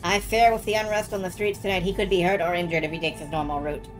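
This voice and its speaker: A woman voicing a grave, mysterious ghost in a video game, reading slowly. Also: on the low side, steady tone, soft background music, pitched below the performer's own voice, lightly acted. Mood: solemn. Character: solemn mysterious ghost, all-knowing.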